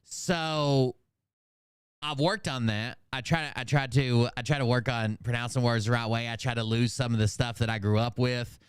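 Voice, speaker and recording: This livestream host, a man in his thirties with a Southern US accent, gives rambling, casual commentary packed with jokes and plenty of swearing. His mid-range voice is smooth, with fairly even intonation at normal speed. The recording is dry and of studio quality.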